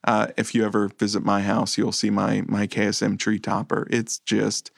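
Gravelly laid-back male podcast host. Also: on the low side, monotone, normal speed, no echo, clean studio sound. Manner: laid-back, rambling, self-deprecating. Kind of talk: casual movie podcast chat.

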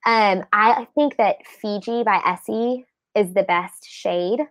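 A woman's voice: mid-range voice, takes it slowly, a bit bright, no room sound. A young woman, a podcast guest chatting in a bubbly way, full of "like" fillers. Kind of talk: casual podcast chat.

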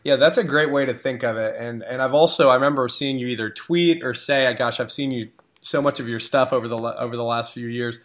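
A male co-host speaks in a reflective, searching way, pausing on fillers as he thinks. His voice sits in a middle pitch for a man, and his tone is casual and conversational. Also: a bit bright. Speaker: podcast co-host, higher-ed educator. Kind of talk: casual podcast chat.

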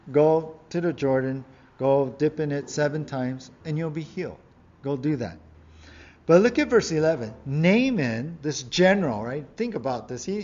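A man's voice: on the high side, darkish tone, muffled recording. A male pastor giving a conversational sermon, reading scripture and acting out the people in it with a raised voice. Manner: conversational preaching, acts out quoted figures with raised voice.

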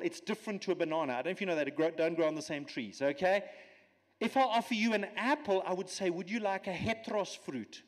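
A man giving a sermon as a guest preacher, animated and teaching with everyday examples and asides. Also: sits high, long reverb tail. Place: church.

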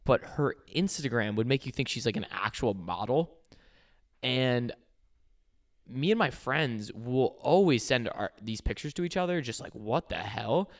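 A man's voice: mid-range voice, lively intonation, moderate pace. A young man co-hosting a podcast in casual chat, rambling with fillers and restarts. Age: young adult. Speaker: podcast co-host.

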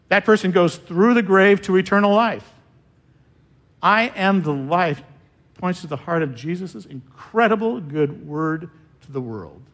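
A male pastor delivering a sermon with a slightly higher voice. He speaks slowly and deliberately, pausing often and letting his phrase endings fall away quietly. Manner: slow, measured preaching with long pauses and trailing-off endings.

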